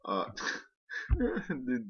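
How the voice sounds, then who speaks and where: A man delivering a rambling, deadpan comic monologue with halting restarts. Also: mid-range voice, husky. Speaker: comedian. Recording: dull lo-fi recording.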